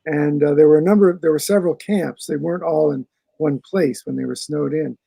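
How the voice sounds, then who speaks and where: Brief: male author guest, gravelly and dark-toned, rambling conversational answers, dry sound. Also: fairly high pitch, steady tone, brisk, dry recording, rough recording. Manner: rambling, restarts phrases while thinking.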